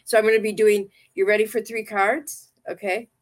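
A woman's voice: medium pitch, flat delivery, moderate pace. A woman hosting a casual livestream chat and reading tarot cards, talking in a rambling, affectionate way and often repeating herself. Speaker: livestream talk show host and tarot reader.

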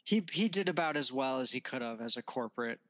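A man's voice: mid-range voice, animated, fast talker, a bit bright. A man co-hosting a casual podcast, chiming in with short, teasing remarks. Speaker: podcast co-host. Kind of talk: casual chat.

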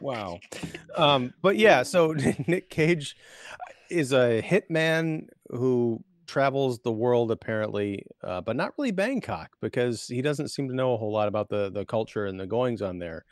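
A man's voice: medium pitch, animated, measured pace, no room sound, studio quality. A man co-hosting a casual movie podcast who gives a rambling plot recap full of fillers. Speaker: podcast co-host.

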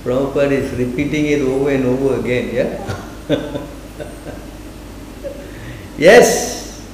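Guy teaching a scripture class, keeps quizzing the room, mellow voice, super echoey hall. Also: mid-range voice, fairly even intonation, slow pace. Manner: questioning, repeatedly asks the audience to answer. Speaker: lecturer on scripture. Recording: echoey room, faint noise.

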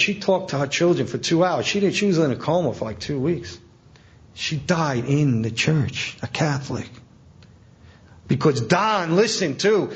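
A man preaching a sermon as a Catholic priest, telling stories in a colloquial, animated way with emphatic asides. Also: fairly high pitch. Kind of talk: storytelling sermon. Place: talk at a conference event. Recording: dull lo-fi event recording.

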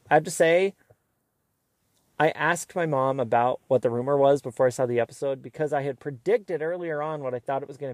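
A man hosting a casual, opinionated recap of a reality show, sometimes mimicking the cast in quick asides. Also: on the high side, darkish tone, no echo. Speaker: recap host.

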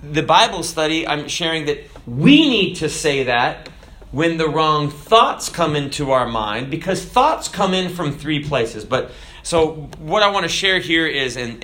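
A man preaches with plenty of animation, his voice sitting a little high for a man. His pitch and volume rise and fall as he acts out little voices. The sound carries a roomy echo. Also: animated, unhurried, pushed and bright. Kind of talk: sermon.

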